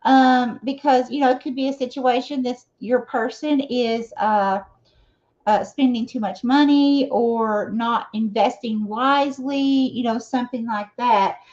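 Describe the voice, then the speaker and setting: Her voice is on the high side and darkish, steady in tone and unhurried, as she gives a tarot reading live. Chatting casually, she frequently checks in with viewers, sprinkling in "okay?" and "you know." Recorded with a dull, lo-fi sound.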